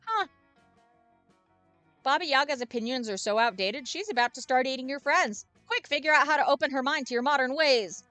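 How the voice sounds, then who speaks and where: A woman's voice: sits high, fast, hardly any pauses, sharp tone, no room sound, faint music behind. A young woman narrating her game playthrough with playful quips. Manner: playful, quippy. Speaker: game streamer.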